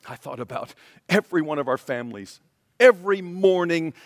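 Male pastor, high voice, emphatic sermon delivery, long hall reverb. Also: expressive, fairly quick. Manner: earnest, emphatic, repeats key phrases.

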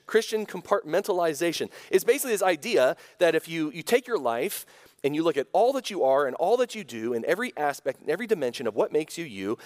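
A male pastor delivers a conversational sermon with a slightly high voice, restarting phrases before pressing down on his main points. His voice rings with the long reverb of a church sanctuary. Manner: conversational, self-correcting, lively emphasis.

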